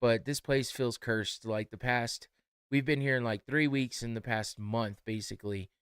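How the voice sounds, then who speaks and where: A tired young man casually telling a story as a podcast host, animated and laughing as he acts out both sides of the exchange. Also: mid-range voice, normal speed, smooth, no echo, clean studio sound.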